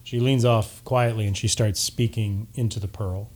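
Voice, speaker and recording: A young man narrating a tabletop game as game master. His voice is mellow and soft-toned. He talks in an easygoing way, padding his lines with fillers. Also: fairly low pitch, steady tone, moderate pace.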